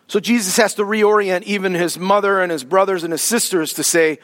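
A man pastor giving a sermon and prayer, animated preaching with casual asides. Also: high voice, a little fast, few pauses. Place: church sanctuary. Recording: long reverb of a hall.

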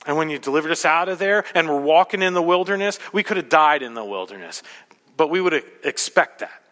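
A grumbling, despairing crowd of wanderers, spoken low and subdued, as a preacher puts them on. The words hang in a long hall reverb. The tone is bright despite the gloom. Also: male voice, animated, a little fast.

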